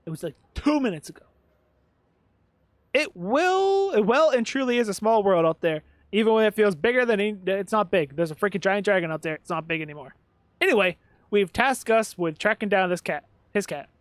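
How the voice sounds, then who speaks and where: Sarcastic male let's-player, lively pitch. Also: normal speed, dry recording. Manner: sarcastic, mutters at the game. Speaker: gaming video host. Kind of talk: let's-play commentary.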